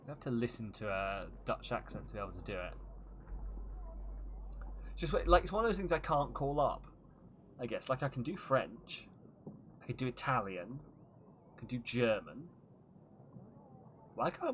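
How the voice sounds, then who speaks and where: A man's voice: medium pitch, big pitch swings, moderate pace, pauses often, fairly bright tone, a little hiss or hum. A man casually commenting while streaming a game, rambling and joking with frequent laughs. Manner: rambling, jokey, laughs often.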